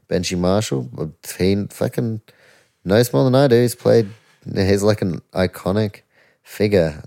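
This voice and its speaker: A young man hosts a casual sports podcast, ranting in loose, incredulous bursts and swearing freely. His voice sits deep, with a dark, mellow tone. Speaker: podcast host.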